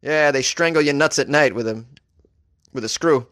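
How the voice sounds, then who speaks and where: A man voicing a gruff, jaded male rescue worker who talks in a dry, world-weary way. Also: medium pitch, moderate pace, fairly bright tone, natural voice.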